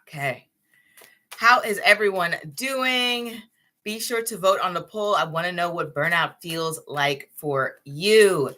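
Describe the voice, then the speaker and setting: A woman's voice: lowish voice, pushed and bright. A young woman hosting a live tarot stream, chatting casually with her viewers and laughing often.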